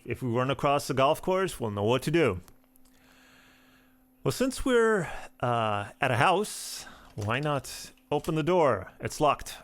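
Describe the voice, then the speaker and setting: A man hosting a let's play of a text game, reading the game text aloud and adding wry asides. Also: medium pitch.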